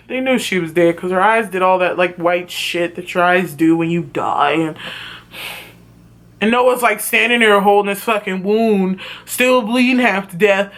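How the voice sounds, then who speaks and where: A woman's voice: mid-range voice, fairly bright tone. A woman recapping a TV series in a casual vlog. She talks in a profane, outspoken, gossipy way and speaks straight to her viewers. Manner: gossipy storytelling that addresses viewers directly. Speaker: TV series reviewer.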